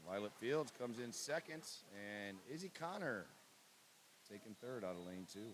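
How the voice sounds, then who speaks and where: A man's voice: on the low side, expressive. Man calling a swim meet over a crowd. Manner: brisk, reads out lanes and times, jokes with co-host. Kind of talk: live sports commentary. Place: indoor pool meet. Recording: loud crowd at a pool.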